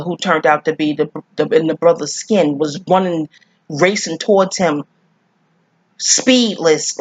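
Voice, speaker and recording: Sleepy new york lady rambling and cussing, kinda husky, dull dry sound. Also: sits low, no echo. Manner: profane, digressive, emphatic. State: groggy, sleepy. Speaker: vlogger reviewing a movie. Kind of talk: rambling casual monologue. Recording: slightly dull, dry recording.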